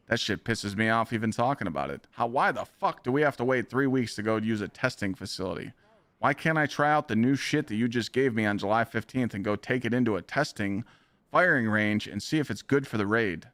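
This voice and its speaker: A man's voice: on the low side, fairly bright tone, dry recording. A man streaming live, ranting bluntly and heatedly with lots of swearing.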